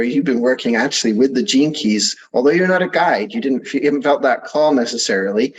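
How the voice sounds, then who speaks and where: A man hosting an interview, chatty and rambling, quick to laugh. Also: medium pitch, lo-fi sound, a little hiss or hum. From England. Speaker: podcast host. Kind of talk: casual interview chat.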